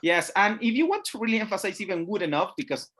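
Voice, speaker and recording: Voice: mid-range voice, sing-song, quick pace, a bit bright. A teacher trainer leading an online webinar, patiently checking that participants follow. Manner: patient, checks understanding, often says "guys". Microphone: video call.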